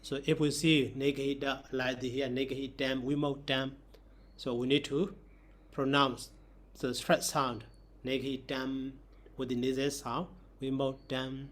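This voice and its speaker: Man, monk teacher, methodical, mid-pitched voice. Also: little pitch movement, normal speed, fairly bright tone. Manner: methodical, explaining step by step. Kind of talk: grammar lesson.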